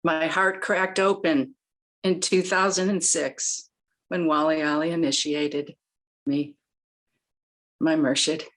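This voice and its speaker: A woman giving a heartfelt memorial tribute, teary and halting, pausing often as she searches for words. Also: sits low, steady tone. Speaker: student speaking at a memorial.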